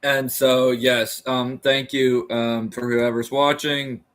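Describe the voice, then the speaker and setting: A man with an American accent reading a classic text aloud on a livestream in a careful, halting way, stopping to restart on hard words and talking casually to viewers between passages. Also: mid-range voice, flat delivery, fairly bright tone.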